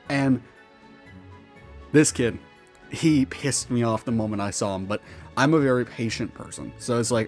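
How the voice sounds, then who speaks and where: A man's voice: medium pitch, normal speed, darkish tone, faint music behind. A man telling a story in character as a weary, sardonic male monster with tails, talking in a profane, rambling and exasperated way. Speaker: roleplaying storyteller.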